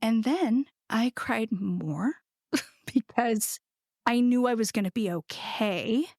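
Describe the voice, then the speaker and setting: A middle-aged American ceramicist, a guest in a casual interview, tells a story animatedly, laughing and acting out quoted voices. Her voice is on the high side and slow-paced, recorded dry with studio quality.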